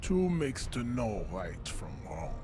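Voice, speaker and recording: A man's voice: medium pitch, sing-song, takes it slowly. A man voicing a towering, racist pseudo-scientist bouncer in a game, lecturing with grandiose contempt. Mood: pompous. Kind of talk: game voice acting. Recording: game audio under music.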